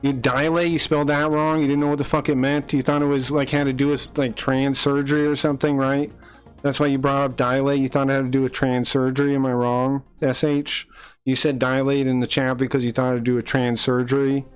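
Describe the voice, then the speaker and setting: A man's voice: mid-range voice, flat delivery, a little fast, smooth, faint music behind. A man streaming, ranting at his chat in a blunt, profane, mocking way and repeating himself when heated. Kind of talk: livestream chat rant.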